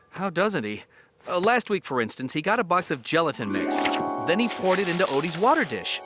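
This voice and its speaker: A man's voice: high voice, sing-song, moderate pace, over loud music. An actor playing a meek, good-natured young man in a cartoon, who gets flustered and stammers. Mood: earnest. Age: young adult. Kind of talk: cartoon voice acting.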